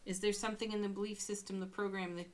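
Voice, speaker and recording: A woman giving a daily tarot card reading, gentle and affirming, with frequent soft laughs. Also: medium pitch, flat delivery, fast, slight background noise.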